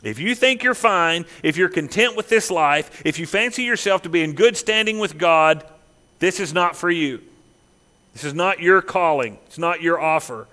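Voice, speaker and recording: A man preaching a sermon as pastor, emphatic, dropping to hushed, slow lines and rising again. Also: a little high, animated. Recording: long reverb of a large hall.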